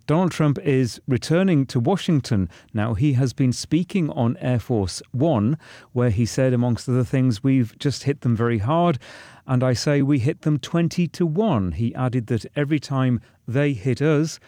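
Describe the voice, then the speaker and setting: A man's voice: mid-range voice, expressive, moderate pace, dark tone, dry recording, clean studio sound. A man reporting as a radio news correspondent, steadily relaying quotes.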